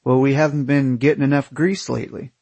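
A man voicing a naive, clueless young man who sounds baffled and matter-of-fact, with a husky voice. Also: medium pitch, little pitch movement, fairly quick, a little mellow, no echo, natural voice.

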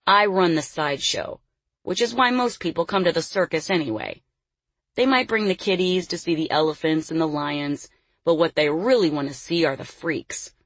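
A woman reads the part of a slick, menacing male circus boss in a storybook reading, speaking low and husky. He talks smoothly and persuasively, with an edge of threat. The recording is close and dry. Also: expressive, normal speed, no echo. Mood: coaxing. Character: scheming middle-aged male circus sideshow boss. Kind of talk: audiobook character voice.

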